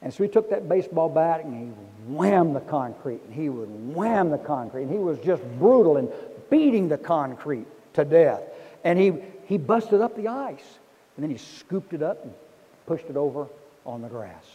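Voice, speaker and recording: A man preaches a sermon as pastor, telling stories and drawing the congregation into answering him. His voice sits high and moves around a lot, with a mellow, soft-edged tone. The sound rings out with the long reverb of a large hall. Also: very animated, moderate pace, breathy edge, highs cut off. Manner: storytelling preacher who leads the congregation in responses.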